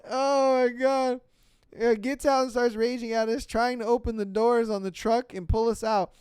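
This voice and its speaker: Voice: medium pitch, level tone, normal speed, darkish tone, clear, resonant tone, no echo. A podcast host casually reading out listener stories and reacting to them in slang, often laughing.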